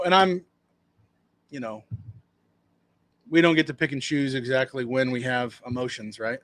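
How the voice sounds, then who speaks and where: A man's voice: fairly even intonation, measured pace, long pauses, fairly bright tone, dry recording. A man running a dumpster rental business, telling a customer story in a rambling, casual way and acting out what people said. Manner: rambling, conversational, acts out quotes in a higher voice.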